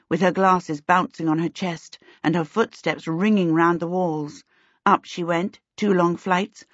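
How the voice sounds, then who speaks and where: A woman narrating a storybook in steady, measured scripted narration, in a dull lo-fi recording. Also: on the low side, dry recording. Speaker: audiobook narrator.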